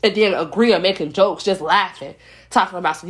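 A woman's voice: medium pitch, big pitch swings, fairly quick. Heated young woman ranting to viewers. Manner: blunt, heated, repeats herself, peppered with "like" and "y'all". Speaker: commentary vlogger. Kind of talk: casual rant to viewers.

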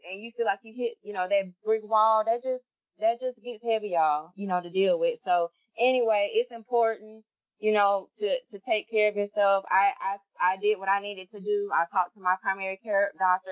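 A woman's voice: medium pitch, no room sound. Emotional young woman, tinny dry sound. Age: late 20s. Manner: earnest, confessional, often addresses listeners as "y'all". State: emotional, holding back tears. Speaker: podcast co-host. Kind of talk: candid personal talk.

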